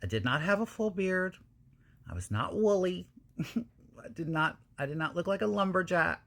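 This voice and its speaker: A woman hosting her own channel, telling a candid personal story to viewers in casual, animated talk with frequent swearing. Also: fairly low pitch, moderate pace. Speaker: channel host.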